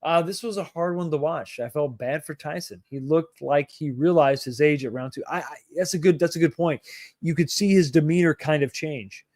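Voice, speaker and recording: A man's voice: on the high side, normal speed, a little mellow, no echo, clean studio sound. A middle-aged man hosting a livestream, casually chatting and joking while greeting viewers by name. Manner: laid-back, jokey, greets viewers by name. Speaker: livestream host reading chat. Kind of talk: casual chat.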